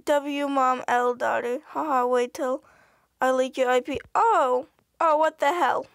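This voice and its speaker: A woman with a high voice reads posts aloud and reacts with sarcastic, exasperated remarks, often swearing. Her voice has a gravelly, fry-laden edge. The recording is dry and close, with no room echo. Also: steady tone, unhurried. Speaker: commentator reading online posts. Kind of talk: reaction commentary.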